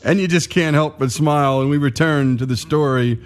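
A man's voice: on the high side, brisk, faint music behind. A male radio host chatting conversationally while teasing the next segment. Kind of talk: radio show outro.

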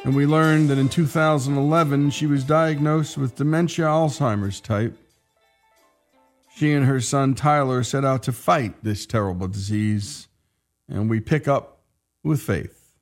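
A male host giving scripted radio narration in a steady announcer delivery. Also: mid-range voice, a little slow. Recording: faint music bed.

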